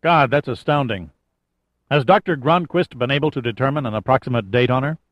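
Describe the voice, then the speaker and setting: A man reading as an enthusiastic male archaeologist around forty, with a quick, blurting manner, in a dry, slightly muffled audiobook recording. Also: mid-range voice, dry recording, natural voice. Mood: curious.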